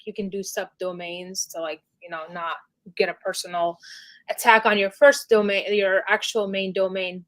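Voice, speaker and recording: A woman's voice: mid-range voice, fairly bright tone. A woman guest on a podcast, explaining things in a casual, chatty way full of "like" and "you know". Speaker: podcast guest, email deliverability specialist. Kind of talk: casual interview chat.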